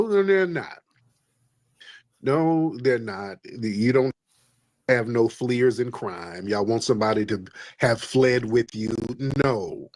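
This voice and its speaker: A man's voice: medium pitch, no room sound. A man hosting a call-in livestream, preachy and emphatic, repeating his points. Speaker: livestream host. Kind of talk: combative call-in livestream talk.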